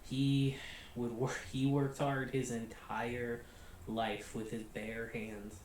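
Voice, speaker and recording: A man's voice: mid-range voice, slow, recorded from a distance. Chatty American man in a very echoey room. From United States. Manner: chatty, relaxed, laughs often, many fillers. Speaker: anime reviewer, channel host. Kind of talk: casual spoken review. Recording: very echoey room, voice off-mic, faint hiss.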